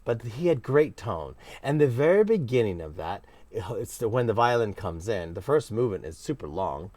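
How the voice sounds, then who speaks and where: A man teaching a casual cello lesson, talking in an animated, playfully emphatic way with sudden exclamations. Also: lowish voice, normal speed, dry recording. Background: cello playing.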